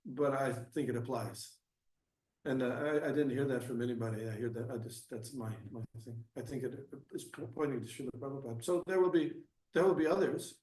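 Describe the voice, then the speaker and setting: A man giving a scripture class and answering questions, halting with frequent restarts, then growing emphatic. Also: mid-range voice, a little mellow. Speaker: class speaker. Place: temple hall. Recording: echoey room, mic at a distance.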